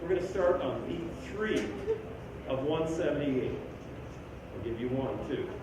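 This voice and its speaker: A man's voice: on the high side, animated, measured pace. A man leading a school band rehearsal, singing rhythms on syllables and counting the players in. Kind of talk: rehearsal instruction. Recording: echoey room, mic far off, background noise.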